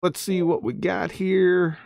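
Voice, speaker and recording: A live-stream host reads out quotes and tears into them with combative, mocking commentary, stressing points hard and constantly tacking on "right?". The voice is mid-range, slow and a little mellow with vocal fry, captured as clean, echo-free studio sound.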